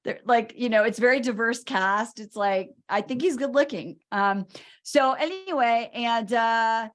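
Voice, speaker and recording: A woman's voice: on the high side, unhurried, a bit bright. A woman co-hosting a podcast in casual chat, talking loosely with lots of filler words. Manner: chatty, many "like" fillers, acts out quotes. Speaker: podcast co-host.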